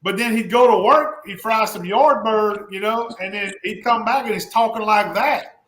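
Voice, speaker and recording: Podcast host, forties, Cajun Louisiana man: high, bright voice, animated yarn-spinner, roomy echo. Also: moderate pace, slight background noise. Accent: South Louisiana Cajun. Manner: animated storyteller, laughs often. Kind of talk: casual chat. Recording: echoey room.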